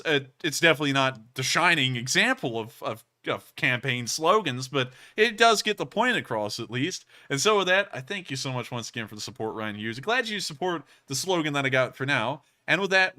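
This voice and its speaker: With a fairly high pitch and a fairly quick pace, the man barely pauses. He's hosting a livestream and answering donations, rambling casually and energetically with lots of fillers and restarts.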